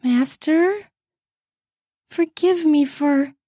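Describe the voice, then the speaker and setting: A woman's voice: high-pitched, very slow, mellow, dry recording, studio quality, voice pushed up. A woman voicing a timid, submissive young woman who pleads hesitantly and stammers.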